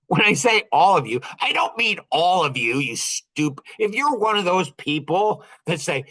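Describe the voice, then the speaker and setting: A man in his sixties hosting a podcast, telling stories in a sarcastic, rambling way with many fillers and big leaps in pitch. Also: sing-song, unhurried, fairly bright tone, rough recording. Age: 60s. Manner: many fillers like "like" and "you know". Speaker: podcast host. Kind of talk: casual monologue.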